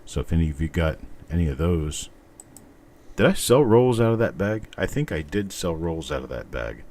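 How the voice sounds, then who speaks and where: A man's voice: low voice, lively intonation, normal speed, darkish tone. A middle-aged man hosting a live stream, chatting casually and thinking aloud as he goes. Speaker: host. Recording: faint background noise.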